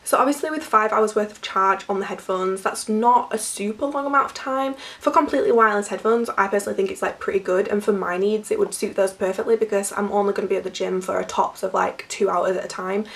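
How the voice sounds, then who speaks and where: A young woman vlogger chats through an unboxing, her medium-pitched, fairly bright voice made croaky and gravelly by a cold. She talks loosely, packs in fillers, and laughs often, sitting a bit back from a distant mic.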